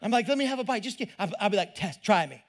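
High-voiced preaching man with a drawl. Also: lively intonation, fast. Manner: conversational, repeats words, asks the crowd questions. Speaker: pastor. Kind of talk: preaching sermon.

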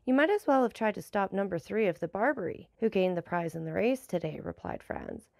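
A woman narrating a classic novel aloud, measured and lightly voicing the dialogue. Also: mid-range voice, lively intonation, creaky, darkish tone, no echo, studio quality. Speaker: audiobook narrator.

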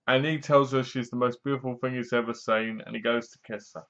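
A man's voice: medium pitch, steady tone, a little fast, a bit bright, dull audio. A man reviewing a film in a casual, rambling way with wry humor. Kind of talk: casual spoken movie review.

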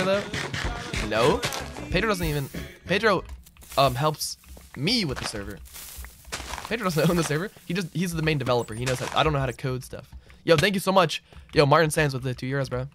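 A man streaming a game, chatting casually and answering his viewers as he plays, often calling them "bro". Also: on the high side. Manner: relaxed, answers chat aloud, says "bro" a lot. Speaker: streamer and server owner. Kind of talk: casual livestream chatter while gaming. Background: background music.

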